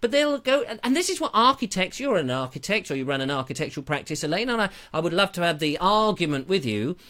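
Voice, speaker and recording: Theatrical man ranting lively. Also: high-pitched, fast talker. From England. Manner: theatrical, ranting, with sound effects and asides. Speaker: live show host. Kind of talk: rambling live-stream chat.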